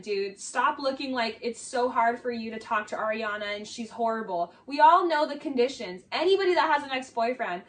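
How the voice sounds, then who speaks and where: High voiced young woman ranting sarcastically about a show, kinda far from the mic. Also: fairly bright tone. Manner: sarcastic, exasperated, lots of "like". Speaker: commentator. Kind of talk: casual video essay commentary.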